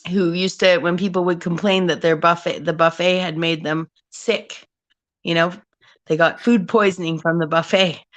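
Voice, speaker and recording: A woman's voice: mid-range voice, a bit bright. A woman co-hosting a live panel chat, telling rambling stories with frequent laughs. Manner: rambling storyteller, laughs often. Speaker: panel co-host. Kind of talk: casual chat.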